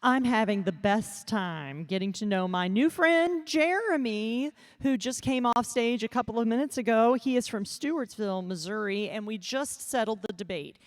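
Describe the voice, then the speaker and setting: A woman's voice: a little high, lively intonation, moderate pace, few pauses, no echo, studio quality. A woman interviewing a contestant on stage, asking chatty, encouraging questions. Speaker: event interviewer.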